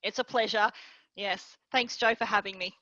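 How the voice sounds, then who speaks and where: Australian lady guest, bright edgy voice, dry close sound, kinda muffled call audio. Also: mid-range voice, steady tone, no echo. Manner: earnest, measured storytelling. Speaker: guest, leadership coach. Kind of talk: interview.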